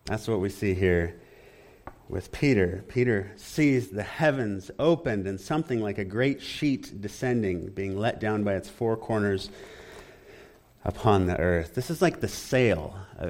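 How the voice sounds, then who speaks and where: A man with a fairly low voice preaches an expository sermon, animated and engaging, often putting questions to the congregation.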